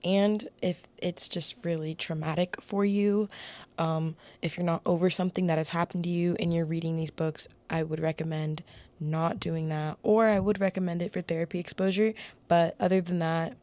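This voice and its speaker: A woman talking earnestly in a casual book review vlog, pausing often to find her words. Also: on the low side, steady tone, a little mellow. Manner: earnest, searching for words with frequent pauses.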